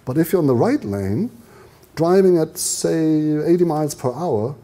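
A man's voice: fairly high pitch, expressive, a little slow, dark tone. An older man from Germany with a German accent, giving a design lecture in a rambling, storytelling way full of fillers and restarts. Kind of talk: anecdotal lecture talk.

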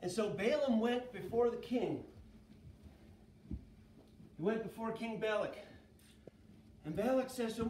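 Lively high-voiced man telling kids a Bible story. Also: measured pace, long pauses. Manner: lively, asks kids questions. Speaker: children's church teacher. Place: church kids' room. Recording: echoey room, far from mic, faint noise.

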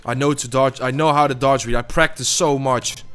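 A young man giving gameplay commentary, swearing and trash-talking opponents, muttering between loud outbursts. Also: medium pitch, steady tone, normal speed, hardly any pauses, smooth, soft background music. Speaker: gaming YouTuber.

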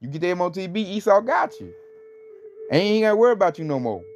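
This religious teacher's voice is high-pitched and fast, swinging widely in pitch, with a little hiss or hum present. His informal talk rambles, full of fillers and scornful emphasis, over faint music in dull lo-fi sound.

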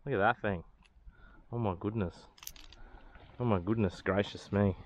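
A man's voice: lowish voice, steady tone, normal speed, muffled recording. An Australian man vlogging while fishing on a boat, exclaiming and joking in playful slang. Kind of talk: excited fishing banter. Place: outdoors on a boat at sea. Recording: noisy outdoor boat audio.

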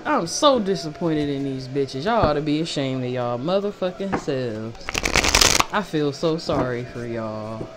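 A woman's voice: deep voice, animated, measured pace, heavy background noise. Fired-up, profane tarot reader woman. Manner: repeats phrases for emphasis. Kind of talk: casual tarot reading monologue.

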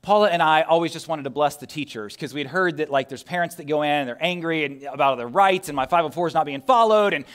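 A male pastor with a somewhat high voice preaches a sermon in a church. He talks in a conversational way, firing rhetorical questions at the congregation and dropping from loud emphasis to a hushed near-whisper. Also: fast talker, hardly any pauses. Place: church sanctuary.

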